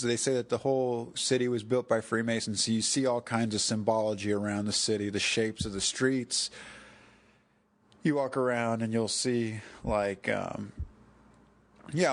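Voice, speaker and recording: Rambling American man musing aloud solo. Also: medium pitch. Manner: digressive, self-correcting, chuckling asides. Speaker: podcast host.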